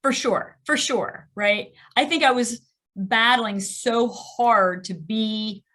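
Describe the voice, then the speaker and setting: A middle-aged woman speaks as a podcast guest, her voice bright and forward. She tells her story candidly and animatedly, poking fun at herself. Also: a little high, takes it slowly. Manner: animated, self-deprecating, laughs often.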